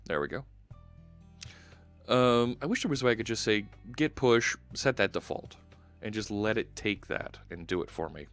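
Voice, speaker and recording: Working at his computer during a live-stream coding chat, a host chats casually and thinks aloud. His lowish voice is expressive and fairly bright at normal speed, with soft music playing in the background.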